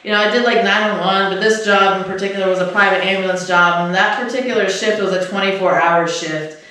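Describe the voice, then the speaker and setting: A man's voice: sits high, steady tone, a little fast, pushed and bright. A man co-hosting a podcast, telling a story casually, rambling and swearing with lots of fillers. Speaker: podcast co-host. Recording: echoey room, distant mic.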